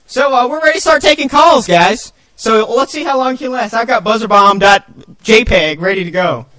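A man co-hosting a casual call-in podcast, excitable and joking, laughing often. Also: extremely high pitch, fairly quick, poor audio. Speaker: podcast co-host.

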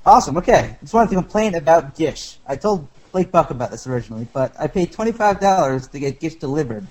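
A male caller on a podcast whose voice sits a bit high. He talks in a chatty, rambling way and keeps piling on complaints. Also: lively intonation, quick pace, darkish tone, breathy edge, rough recording. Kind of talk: call-in chat.

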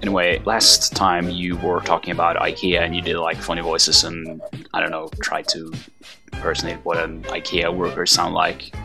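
A man rambles through a voicemail, chuckling between thoughts. His voice is very deep and gravelly. Music plays clearly underneath. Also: monotone, moderate pace. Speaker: caller. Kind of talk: phoned-in voicemail.

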